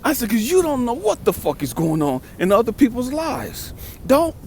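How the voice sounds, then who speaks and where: Fifty-something guy from cali, street talk, cussing a lot, pitch all over the place. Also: big pitch swings, normal speed, a little mellow, slight background noise. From California. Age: 50s. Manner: emphatic, street-talking, repeats for stress. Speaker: life coach and vlogger. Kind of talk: profane storytelling monologue.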